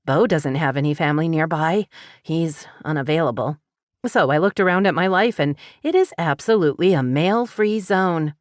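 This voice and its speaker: A woman's voice: low voice, moderate pace, dry recording, lightly acted. A worried, emotional single mom, as a woman reads her in an audiobook, her words pleading and strained with tears. The recording is close and dry. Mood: earnest. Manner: tearful, rising, pleading. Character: anxious, emotional single mother of two. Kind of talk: audiobook character voice.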